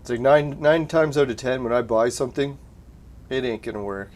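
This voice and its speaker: Man, casual streamer, relaxed and profane, home desk mic. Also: medium pitch, brisk. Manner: laid-back, swears and laughs often. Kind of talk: casual live-stream chat. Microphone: desk mic through a soundboard.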